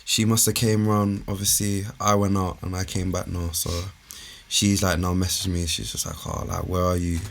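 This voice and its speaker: A young man, a podcast co-host telling a story in a relaxed, slangy, casual way. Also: low-pitched, moderate pace, vocal fry. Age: young adult.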